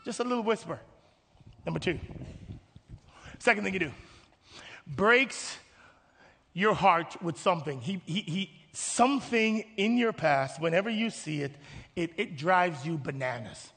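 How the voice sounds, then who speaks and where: Animated gravelly preacher man. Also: sits high, measured pace, pauses often. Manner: animated, acts out voices, swings from hushed to shouting. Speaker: pastor. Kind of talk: sermon. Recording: long hall reverb.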